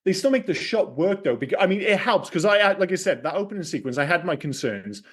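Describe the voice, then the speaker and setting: Sweary guy rambling on a podcast, a bit high-pitched, keeps correcting himself. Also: very animated, fast. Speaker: podcast co-host. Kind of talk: casual film chat.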